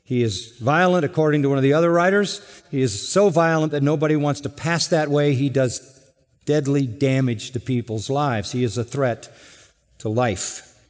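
A man preaching an expository sermon, earnest and emphatic, slowing to stress key words. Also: mid-range voice. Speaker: pastor. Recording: long hall reverb.

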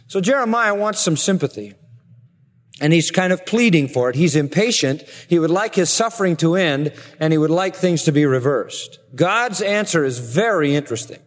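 High-voiced male preacher in a reverberant hall. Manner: earnest expository preaching, paraphrasing scripture. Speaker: pastor. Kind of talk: sermon.

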